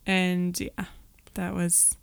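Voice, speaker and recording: Smooth-voiced woman podcast co-host. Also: fairly low pitch, monotone, very slow, no room sound. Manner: chatty, filler-heavy, wry. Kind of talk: casual movie rewatch chat.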